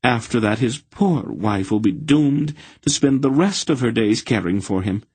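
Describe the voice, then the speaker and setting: A man's voice: medium pitch, lively intonation, moderate pace, darkish tone, slightly rough, no room sound, pitched above the performer's own voice. A man reading a wry, commanding older woman who schemes sweetly and a little slyly. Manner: sweetly scheming, slightly sly.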